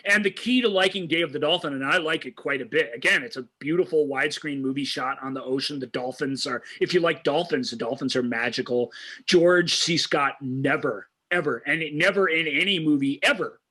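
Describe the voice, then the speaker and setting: A man with a slightly high, sharp, husky voice talks a little fast as co-host of a movie review show. He discusses films casually and enthusiastically, often restarting his sentences.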